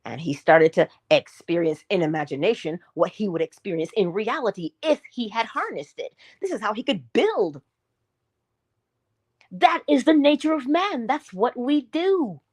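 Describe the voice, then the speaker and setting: A woman giving a motivational morning talk, animated and emphatic, asking her listeners rhetorical questions and dropping into hushed asides. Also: medium pitch, normal speed. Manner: animated and emphatic, swinging between loud bursts and hushed asides; preacherly, speaks straight to listeners with rhetorical questions. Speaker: inspirational speaker.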